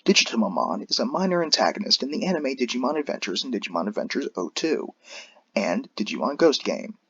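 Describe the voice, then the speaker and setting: A young man giving a deadpan comedic dramatic reading of a fan story, dryly reading out even the punctuation. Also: mid-range voice, fast, breathy edge, no echo. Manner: dry, reads punctuation aloud. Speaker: reader. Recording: dull lo-fi dry recording.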